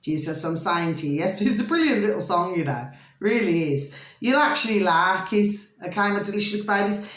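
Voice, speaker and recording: A woman's voice: mid-range voice, animated, a little fast. A woman, host of her own channel, chatting to her viewers in a rambling, fond way, full of endearments and repeats. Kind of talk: rambling casual monologue to viewers. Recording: roomy echo.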